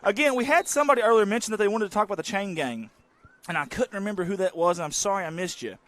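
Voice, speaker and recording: Excitable folksy play-by-play man. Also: sits high, racing, dry recording. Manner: folksy, excitable, bursts into shouting on big plays. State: out of breath. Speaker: play-by-play announcer. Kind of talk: local high school football commentary.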